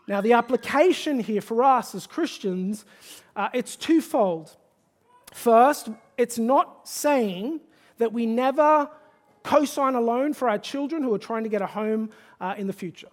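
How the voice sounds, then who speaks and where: A man's voice: very high voice, expressive, unhurried. A male pastor preaching a sermon. He talks conversationally and rises to an emphatic, pleading exhortation.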